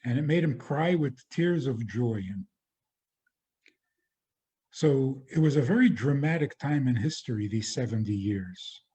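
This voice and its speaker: A man, a rabbi, giving a spoken lecture in a measured way, often restarting and repeating phrases. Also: medium pitch, expressive, mellow.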